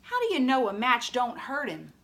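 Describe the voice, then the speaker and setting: A small, daring boy who needles his friend with patient, teasing calm, as a woman reader puts him on. His voice is bright and lively, rising and falling freely as he coaxes. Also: a little high, normal speed, creaky, voice pushed up, heavily acted.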